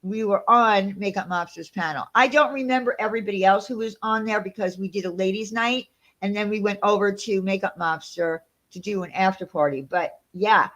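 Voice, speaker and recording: Animated, indignant woman hosting a livestream. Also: medium pitch, brisk. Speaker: channel host. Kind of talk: casual livestream chat.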